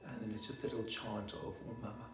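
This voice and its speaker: A man leading a guided meditation online, soft-spoken and slipping into whispers at times. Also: lowish voice, fairly even intonation, fast, over music. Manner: rocks forwards and back while chanting. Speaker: meditation teacher. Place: online session from a room. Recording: roomy echo.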